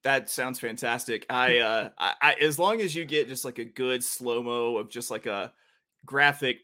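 A man's voice: medium pitch, moderate pace, bright, forceful tone, no room sound, clean studio sound. A man hosting a horse racing podcast in a casual, joking way, wandering into rambling asides. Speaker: podcast host.

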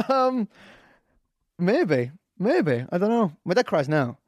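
A man's voice: sits high, very animated, takes it slowly, darkish tone, dry recording. Hesitant English man, dry close sound. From England. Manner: hesitant, lots of fillers and restarts. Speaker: actor guest. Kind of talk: casual podcast interview.

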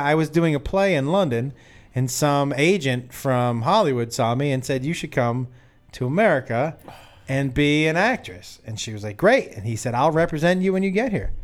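A man hosting a casual talk show, telling a story with lively voiced quotes and laughter. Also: medium pitch. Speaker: host. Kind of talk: casual banter with role-play and storytelling.

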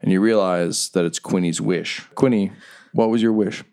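A man running a tabletop game as game master, narrating the scene in vivid detail and slowing down for dramatic moments. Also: sits low, steady tone, a little mellow.

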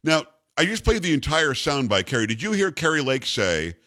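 A man's voice: fairly high pitch, sing-song, normal speed, sharp tone. A man hosting a talk radio show, making his points with rhetorical, emphatic questions to his co-host.

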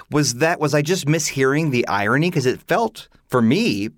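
A man chatting on a musical theatre podcast, animated and opinionated, full of "like" asides. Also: medium pitch, normal speed, dry recording, studio quality. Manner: animated, opinionated, many "like" fillers. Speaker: podcast panelist. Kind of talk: casual chat.

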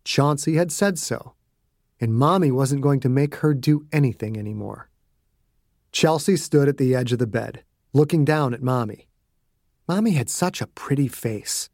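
Man narrating with hushed suspense. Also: mid-range voice, normal speed, no echo, studio quality. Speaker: author and narrator. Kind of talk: audiobook narration.

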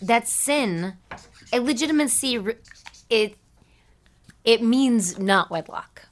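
A woman's voice: on the high side, expressive, slow. A woman player chatting casually with a dry, wry manner. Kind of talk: casual chat.

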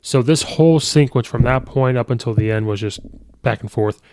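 Rambling man with a gravelly voice. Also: mid-range voice, moderate pace, a little mellow. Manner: rambling, many fillers and restarts. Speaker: podcast host. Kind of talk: casual movie review monologue.

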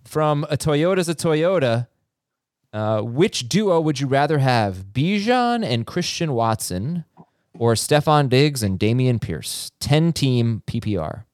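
A man hosting a podcast, reading listener questions in a relaxed, teasing way with plenty of fillers. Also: mid-range voice, takes it slowly, dry recording, clean studio sound. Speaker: podcast host. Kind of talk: casual chat.

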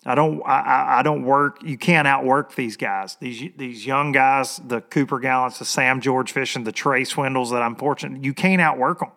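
Folksy, easygoing middle-aged host. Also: male voice, medium pitch, steady tone, moderate pace, vocal fry, few pauses, pushed and bright. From Tennessee. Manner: folksy, easygoing, laughs often. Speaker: podcast host. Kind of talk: casual interview chat.

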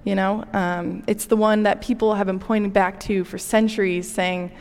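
Woman giving a chatty relatable sermon, middle pitch, big hall reverb. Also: flat delivery, normal speed, hardly any pauses, darkish tone. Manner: conversational, relatable preaching with personal anecdotes. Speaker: preacher.

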